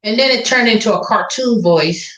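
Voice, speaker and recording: A woman's voice: a little high, normal speed, a bit bright. A woman hosting a casual chat, telling stories about her phone sales calls and acting out callers in quoted voices. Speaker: podcast host. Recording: roomy, dull lo-fi sound.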